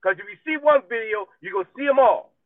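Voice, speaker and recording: A man's voice: very high-pitched, expressive, fast, dry recording. Male podcaster, country twang, emphatic repetitive rant; dry close sound. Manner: emphatic, profane, repetitive ranting. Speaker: podcast host. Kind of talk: heated solo commentary. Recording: dry, tinny phone-like audio.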